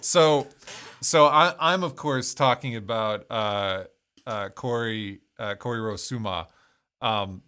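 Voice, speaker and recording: A man's voice: mid-range voice, sharp tone. A man hosting a casual podcast chat, laughing and joking with his co-hosts. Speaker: podcast host.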